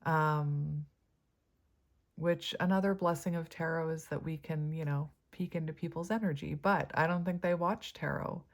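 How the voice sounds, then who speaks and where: Female tarot reader, low voice, casual and chatty, laughs often, many fillers. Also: steady tone, normal speed. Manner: chatty, giggly, full of fillers. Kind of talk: casual tarot reading to camera.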